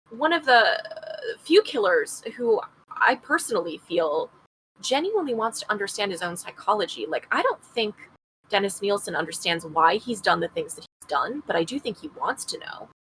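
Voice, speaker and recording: A woman with a bright, crisp voice talks through a case in casual podcast storytelling. She reads passages aloud and breaks off for her own chatty asides. Her pitch sits at an ordinary level for a woman. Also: a little hiss or hum, poor audio. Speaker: podcast co-host. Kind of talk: casual true-crime storytelling.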